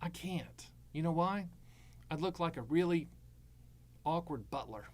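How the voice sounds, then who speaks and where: A man hosting a live stream on annuities, giving blunt, sarcastic and animated advice full of jokes. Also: fairly high pitch, unhurried.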